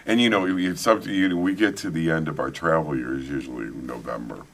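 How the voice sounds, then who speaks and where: A man's voice: a bass voice, fast. A middle-aged man with a Midwestern American accent, telling stories in a casual interview and acting out the quotes. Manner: animated storyteller, many restarts, acts out quotes. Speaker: author and paranormal investigator. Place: paranormal conference hall.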